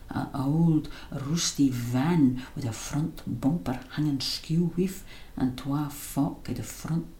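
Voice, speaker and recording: A woman with a Scots accent reading a children's story in dialect, in a hushed, tense way. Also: low voice, slight background noise. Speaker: narrator. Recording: roomy echo.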